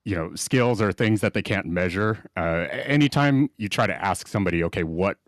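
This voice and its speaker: A man's voice: low voice, lively intonation, brisk, no echo, clean studio sound. A man calling in to a live podcast, eager and blunt, rambling as he makes his point. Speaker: call-in listener. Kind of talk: casual call-in chat.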